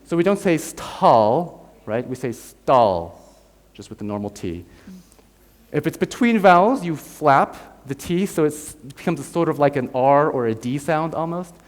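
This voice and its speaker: A man's voice: fairly high pitch, animated, normal speed. An American man giving a university lecture. He explains step by step, demonstrates sounds aloud and keeps checking in with "right?". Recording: long hall reverb.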